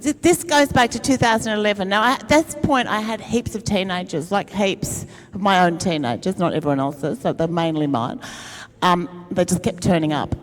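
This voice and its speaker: A middle-aged woman, a comedian giving a talk at an event and telling a self-mocking, funny story in a chatty way. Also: medium pitch. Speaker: speaker at a climate event. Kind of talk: humorous storytelling speech.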